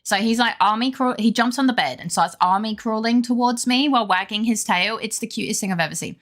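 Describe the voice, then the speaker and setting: Chatting casually on stream, a young woman welcomes her chat and gushes about her dog, using a baby-talk voice when speaking to it. Her pitch is fairly high and a bit bright, her pace fairly quick, with faint music behind her.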